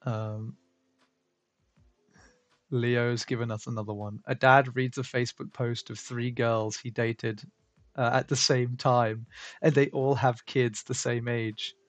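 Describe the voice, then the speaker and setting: A man's voice: medium pitch, flat delivery, takes it slowly, dry recording. Laughing man reading chat aloud. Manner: reads viewer comments aloud, laughs often. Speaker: stream host. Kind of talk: casual livestream chat.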